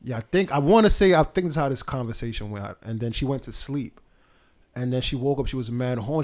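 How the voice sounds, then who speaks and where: A man's voice: mid-range voice, quick pace, darkish tone. A man co-hosting a casual podcast chat, telling stories animatedly and swearing freely. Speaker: podcast co-host.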